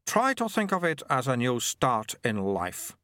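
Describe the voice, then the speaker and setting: A brisk, sardonic monk of a secret order, handing out dry quips with a knowing patience. A man voices him in a storybook reading, his pitch swinging freely, in a dry, close recording. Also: sing-song, a bit bright, no echo. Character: brisk, dry-witted male monk recruiter.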